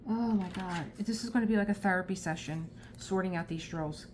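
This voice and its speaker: On the low side and a little fast, a middle-aged woman from Philadelphia with a South Philadelphia accent rambles and laughs often while chatting casually over her crafts for a vlog. There's background noise in the recording.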